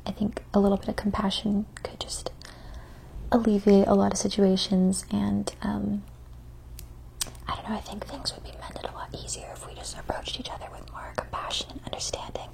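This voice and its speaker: A woman doing a whispered ASMR Q&A, answering viewer questions softly and reflectively, drifting between whisper and a quiet spoken voice. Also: mid-range voice, monotone, gravelly. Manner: soft, gentle whisper that keeps slipping into a quiet spoken voice; unhurried and reflective, with frequent "um" and "like".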